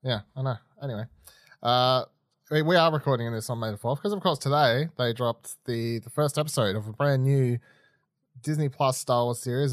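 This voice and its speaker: Man, podcast host, casual chat, rambling tangents, mid-pitched voice, dry close sound. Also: moderate pace, no echo. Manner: chatty, loose, prone to tangents.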